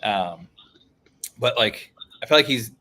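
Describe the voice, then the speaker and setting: A laid-back man with a somewhat low voice hosts a casual book chat on a livestream. He talks loosely, laughs often and drops a casual "dude" now and then. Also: animated, takes it slowly, bright, forceful tone. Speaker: book club host.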